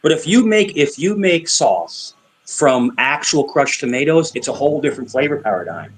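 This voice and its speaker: A man hosts a loose online panel chat, his voice sitting a little high. He rambles, stumbles over his words and repeats them, and he laughs easily. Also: sing-song, normal speed. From Italian heritage.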